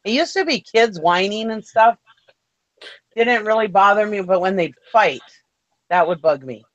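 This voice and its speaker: A woman's voice: mid-range voice, expressive, a little slow, no room sound. Chatty woman with dull audio. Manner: chatty, laughs often. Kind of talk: casual live chat.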